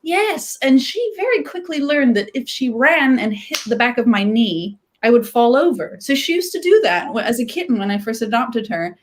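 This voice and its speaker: A woman's voice: a little high, animated, moderate pace, hardly any pauses. A woman author chatting on a video call, laughing often and talking with many fillers and restarts. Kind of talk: casual conversation on a livestream.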